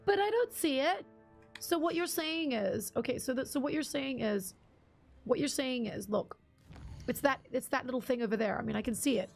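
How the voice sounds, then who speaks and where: A woman's voice: high voice, moderate pace, creaky, faint music behind. Chatty woman streaming a game. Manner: chatty, rambling storyteller, laughs often. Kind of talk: casual live-stream chat while gaming.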